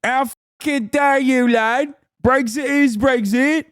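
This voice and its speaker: A man putting on an outraged man, shouting high and strained in a mocking impression. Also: fairly even intonation, slow pace, clear, resonant tone, no room sound, clean studio sound. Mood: indignant. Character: outraged British man chatter, blustering.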